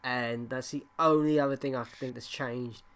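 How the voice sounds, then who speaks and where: A woman co-hosting a podcast, talking in a casual, halting way, blunt and sweary, often restarting her sentences. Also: a bass voice, fairly even intonation. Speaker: podcast co-host. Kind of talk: casual chat.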